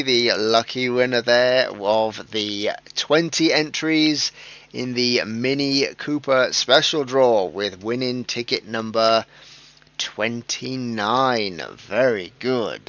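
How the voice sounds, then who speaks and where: A man's voice: medium pitch, slow pace, a bit bright, no echo. A British man hosting a live-streamed prize draw, chatty and self-mocking, laughing at his own jokes. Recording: dull lo-fi stream audio.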